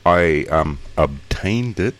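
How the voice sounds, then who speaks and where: Aussie guy on a podcast, super deep voice, jokey and sweary. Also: expressive, slow pace. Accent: Australian. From Australia. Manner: crude, joking, sweary. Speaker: podcast co-host. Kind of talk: casual chat.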